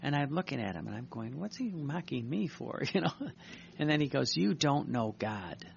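A man's voice: mid-range voice, big pitch swings, moderate pace, vocal fry, slight background noise. A man, a priest, preaching an earnest, reflective sermon and often restarting his sentences. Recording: dull lo-fi recording.

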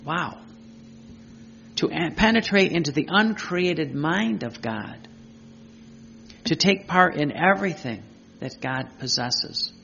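Man preaching, super gravelly, rhetorical questions one after another, faint hiss behind. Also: fairly high pitch, lively intonation, takes it slowly, long pauses, bright, forceful tone. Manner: earnest, piles up lists and rhetorical questions. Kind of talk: devotional teaching talk. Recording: dull lo-fi recording.

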